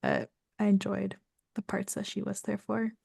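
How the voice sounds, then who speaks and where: A woman's voice: medium pitch, little pitch movement, normal speed, gravelly, a little mellow, slightly rough, dry recording, studio quality. A woman co-hosting a book podcast, talking in a laid-back, chatty way. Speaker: podcast co-host. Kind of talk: casual book chat.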